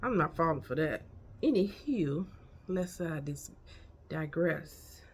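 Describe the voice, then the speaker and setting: A woman's voice: deep voice, expressive, slow, a little hiss or hum. A woman in her fifties giving frank, folksy life advice in a casual vlog, chatting straight to her viewers. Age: 50s. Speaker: life coach. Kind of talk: casual motivational vlog talk.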